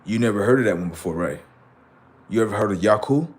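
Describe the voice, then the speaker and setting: Talking fast in an expressive, lowish voice, this man hosts a livestream full of heated, argumentative banter. He's mocking, leans on slang, and swears heavily.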